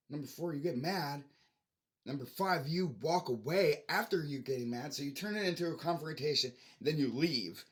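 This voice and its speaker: A man talks straight to his camera in a long, rambling rant. He sounds frustrated, swears freely and keeps restarting his sentences. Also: fairly high pitch. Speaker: vlogger.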